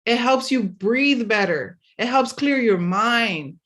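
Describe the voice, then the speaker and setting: A woman's voice: fairly high pitch, animated, takes it slowly, a bit bright. Earnest woman giving motivational talk. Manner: earnest, encouraging, speaks to listeners directly. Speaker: podcast host.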